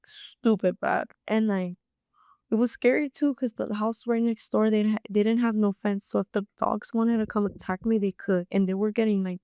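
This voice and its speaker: Young woman with a gravelly voice. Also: medium pitch, no room sound, clean studio sound. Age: young adult. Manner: rapid, animated, filler-heavy storytelling. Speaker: podcast guest. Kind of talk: casual storytelling.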